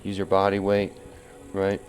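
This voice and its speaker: A man's voice: sits low, monotone, a little slow, soft background music. A man teaching wheel-throwing as he works, talking through each step and counting pulls under his breath. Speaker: pottery instructor. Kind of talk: live throwing demonstration.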